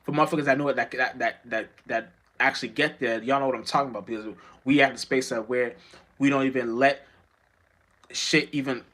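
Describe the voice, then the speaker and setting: A man's voice: medium pitch, a bit bright. A man giving an unscripted spiritual monologue as a vlogger, rambling and profane, with many restarts and stammers.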